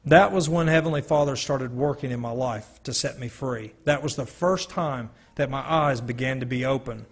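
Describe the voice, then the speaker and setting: A man telling his personal testimony to a live audience, slowly and earnestly, with dramatic pauses. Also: mid-range voice. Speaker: speaker giving a personal testimony.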